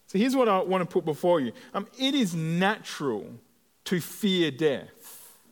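A man preaching a sermon as a pastor, earnest and measured, with deliberate pauses. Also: high voice, lively intonation. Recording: long hall reverb.

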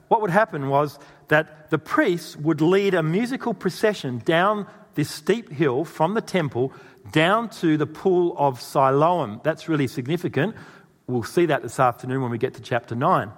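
A man's voice: on the high side, animated, moderate pace. A man preaching a sermon, telling a story and asking the audience questions. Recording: long reverb in a hall.

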